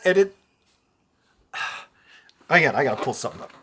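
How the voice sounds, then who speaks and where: A man's voice: medium pitch, sing-song, normal speed, sharp tone, a little hiss or hum. A man co-hosting a podcast in casual chat, reacting with playful, quizzical questions. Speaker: podcast co-host.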